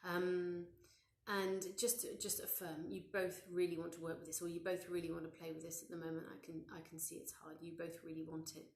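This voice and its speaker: A woman in her thirties giving a live parenting session, gentle and conversational, with many fillers and restarts. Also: fairly low pitch, little pitch movement, a little fast, reverberant, a little hiss or hum. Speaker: parenting educator.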